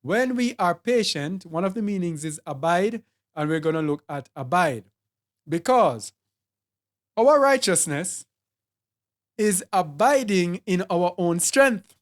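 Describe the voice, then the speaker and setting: With lively intonation and a medium pitch, a Bible teacher speaking in a Jamaican accent preaches deliberately. He leans on repeated and listed words to emphasize his message.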